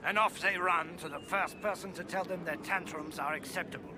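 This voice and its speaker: An actor playing a weary middle-aged male army marshal who talks formally and gruffly and scorns rebels. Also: sits high, fairly even intonation, a little fast, noisy background, lightly acted. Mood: scornful.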